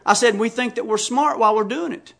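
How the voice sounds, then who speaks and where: A preacher from the United States giving an emphatic sermon, reading scripture aloud and telling stories. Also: male voice, extremely high pitch, fairly quick, creaky, fairly bright tone. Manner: emphatic, reads scripture aloud and tells anecdotes.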